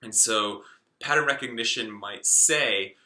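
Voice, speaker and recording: A man's voice: medium pitch, a little slow, bright, forceful tone, roomy sound. A man in his late twenties explaining a self-help topic in a casual, rambling way, full of fillers and restarts. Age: 20s. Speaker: self-help video host.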